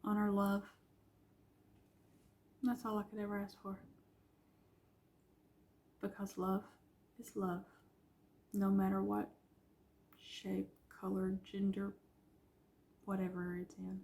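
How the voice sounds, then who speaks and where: A woman in her forties, an author, telling a personal story in a vlog, teary-eyed and soft-spoken, halting and often sinking to a whisper. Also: mid-range voice, level tone, slight background noise. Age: 40s.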